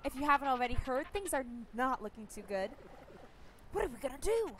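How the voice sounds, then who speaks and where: A woman's voice: sits high, sing-song, brisk, noisy background. A woman voicing a pompous male mayor from a video game, giving a grand rallying speech. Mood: rousing.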